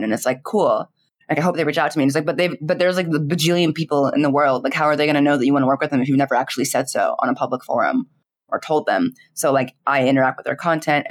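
A young woman, a streamer, chatting in an interview in a giggly, animated way, full of fillers and quoted dialogue. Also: deep voice. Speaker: streamer and content creator. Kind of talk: casual interview chat.

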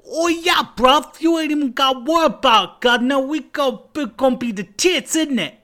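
A man voicing a cocky male nu metal singer with a Cockney accent, loud and swaggering. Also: very high-pitched, moderate pace, voice pushed up. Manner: loud, swaggering, belted singing.

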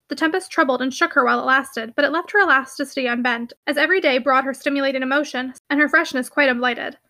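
A woman reading a classic novel aloud as an audiobook narrator, with soft, hushed dialogue that rises expressively. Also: high voice. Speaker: audiobook reader.

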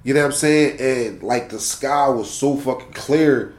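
A man's voice: medium pitch, unhurried. Profane young Philly man telling a story. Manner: profane, animated storytelling with street slang. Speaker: storyteller in podcast chat. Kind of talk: casual chat. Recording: roomy echo.

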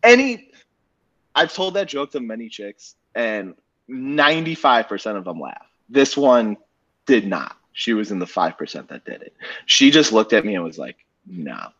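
A man's voice: lowish voice, very animated, normal speed, fairly bright tone. A young man co-hosting a casual podcast, telling a dating story with swearing and acted-out dialogue. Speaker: podcast co-host. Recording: dull lo-fi podcast audio.

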